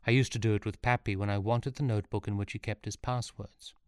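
A man's voice: lowish voice, fairly even intonation, quick pace, a little mellow, clear, resonant tone, no room sound, clean studio sound, lightly acted. A man voicing an earnest young apprentice. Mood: eager.

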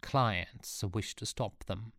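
A man voicing a sinister, gloating Roman trade leader in an audiobook reading, with a low voice. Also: slow pace, a bit bright, no room sound, clean studio sound. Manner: gloating, cruel laughter. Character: sneering sinister male Roman villain.

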